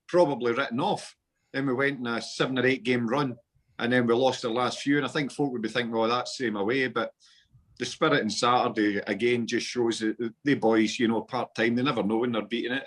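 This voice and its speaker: A man's voice: medium pitch, fairly quick, fairly bright tone. A Scottish man in his forties, a football podcast guest telling stories in casual chat with local slang. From Scotland. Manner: chatty storytelling with local slang.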